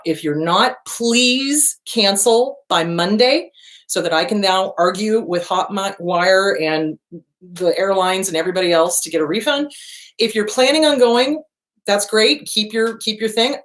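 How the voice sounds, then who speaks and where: A middle-aged woman hosting a show, talking in a blunt and animated way with a lot of swearing, like a casual monologue. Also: mid-range voice, measured pace. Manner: blunt, profane, animated storytelling. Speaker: host.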